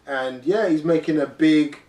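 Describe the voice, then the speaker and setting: A man's voice: a little high, unhurried, dark tone. A man hosting a casual sports chat, chatty and filling his talk with "you know what I mean". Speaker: podcast host. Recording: echoey room, mic at a distance.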